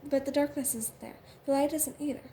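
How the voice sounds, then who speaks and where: High-voiced woman reading haltingly. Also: steady tone, dark tone, slight background noise. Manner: halting, with frequent fillers and restarts. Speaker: audiobook reader. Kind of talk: first-person novel narration.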